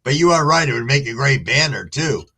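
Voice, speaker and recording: A man's voice: mid-range voice, animated, fairly quick, pushed and bright, breathy edge. A middle-aged man hosting a casual livestream, greeting viewers by name and reading chat aloud in a laid-back way. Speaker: livestream host.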